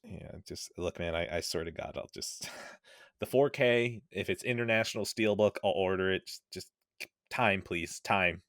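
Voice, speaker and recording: A man's voice: low voice, normal speed, a bit bright, dry recording, clean studio sound. A man co-hosting a casual podcast, joking around with exaggerated bits and laughing easily. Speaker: podcast co-host. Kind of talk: casual chat.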